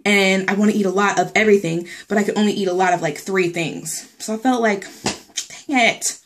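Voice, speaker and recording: A woman's voice: mid-range voice, steady tone, fast talker. Young woman, casual vlog, chatty and rambling, slightly breathless. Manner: chatty, rambling, lots of fillers and likes. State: a little out of breath. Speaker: pregnancy vlogger.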